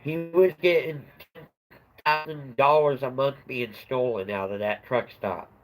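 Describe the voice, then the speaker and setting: A man's voice: medium pitch, steady tone, a little slow, low-quality recording. A middle-aged man hosting a livestream, telling a rambling story in a casual chat and laughing at his own tale. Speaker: livestream host.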